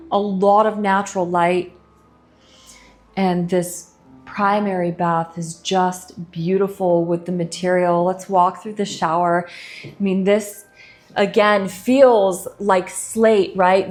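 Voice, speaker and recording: A middle-aged woman real estate agent walking through a house on a casual tour, gushing enthusiastically about each room. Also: mid-range voice. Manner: enthusiastic, gushing about features, chatty asides. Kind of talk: casual walkthrough home tour. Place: indoors in a large house.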